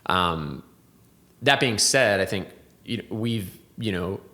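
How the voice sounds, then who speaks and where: A man with a somewhat low voice talks through his craft in a relaxed podcast interview. He thinks aloud as he goes, restarting sentences and leaning on fillers. Now and then he drifts into a reflective, poetic way of putting things. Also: slow pace. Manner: thoughtful, rambling, many restarts and fillers. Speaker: whiskey distiller and blender.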